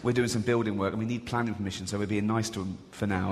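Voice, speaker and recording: Here the middle-aged stand-up talks fast with hardly a pause, his fairly low voice keeping a steady tone as he delivers crude, sarcastic, self-deprecating stories. It's a very noisy live recording from a large theatre, with a loud audience laughing.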